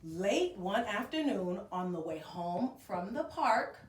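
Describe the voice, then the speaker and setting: Animated woman reading to preschoolers. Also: mid-range voice, takes it slowly, a little hiss or hum. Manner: animated, coaxing, counting aloud for children. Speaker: preschool teacher reading aloud. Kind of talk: storybook read-aloud with movement exercises. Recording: roomy echo from a distant camera.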